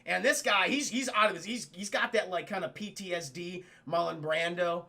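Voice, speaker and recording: A man's voice: high-pitched, moderate pace, creaky, pushed and bright. A man livestreaming a casual film recap, rambling and profane, often addressing his chat. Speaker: film review streamer.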